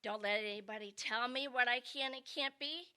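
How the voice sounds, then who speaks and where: A woman's voice: fairly high pitch, normal speed, pushed and bright, clear, resonant tone. A woman voicing a firm, protective mother who speaks sternly and reassuringly. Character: firm, protective mother, small but fierce.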